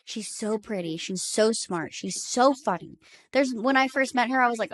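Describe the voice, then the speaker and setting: A woman in her thirties co-hosting a podcast in casual chat, animated and blunt, laughing often. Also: on the high side, moderate pace. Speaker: podcast co-host.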